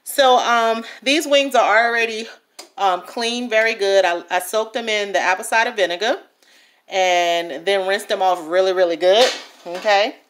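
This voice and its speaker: A woman's voice: medium pitch, a little slow, fairly bright tone. Brief: New woman, home cook, chatty vlog voice, faint noise behind. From New Orleans, USA. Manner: chatty, keeps checking in with the viewer. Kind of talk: casual cooking vlog.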